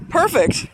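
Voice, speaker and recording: A woman muses aloud while walking through a town cemetery, unhurried and halting, circling back to repeat her phrases. Her talk turns emotional at times. Cars passing on a nearby street come through clearly behind her. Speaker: vlogger. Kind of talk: musing outdoor monologue. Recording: outdoor street noise. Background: passing traffic.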